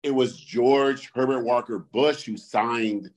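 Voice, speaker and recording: A man co-hosting a podcast, chatting casually and getting worked up, swearing and jumping to high outbursts when riled. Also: slow. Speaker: podcast co-host. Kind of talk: casual chat.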